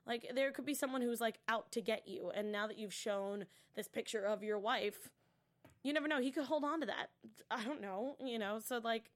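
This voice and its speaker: Woman host, higher pitch, casual animated recap chat with whispered asides. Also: moderate pace. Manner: animated and chatty, acting out characters' lines and dropping to whispers for asides. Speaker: TV after-show host.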